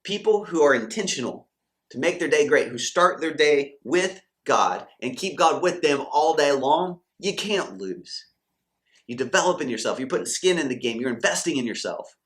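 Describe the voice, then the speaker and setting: A man's voice: fairly high pitch, animated, moderate pace, fairly bright tone. A man giving a motivational faith talk to camera as a Christian coach and channel host, fired-up and preachy, acting out quoted doubters and believers.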